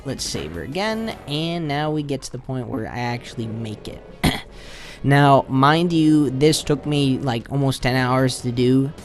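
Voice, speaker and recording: A man doing a casual, rambling voice-over commentary on his own gameplay, often retelling his reactions. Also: medium pitch. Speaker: channel host.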